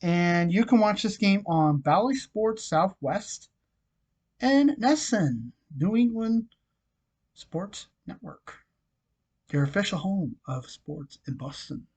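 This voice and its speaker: Unhurried delivery, casual hockey picks rundown, chatty with fillers, frog in the throat. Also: medium pitch, big pitch swings, darkish tone, breathy edge. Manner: chatty, many fillers, reads scores and odds. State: frog in the throat, nagging cough. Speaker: hockey vlogger.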